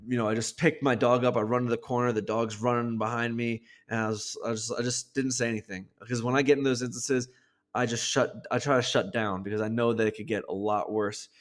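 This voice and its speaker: A man co-hosting a podcast, telling a story in a lively, casual way with frequent swearing. His voice sits at a middle pitch, natural and unforced. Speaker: podcast co-host.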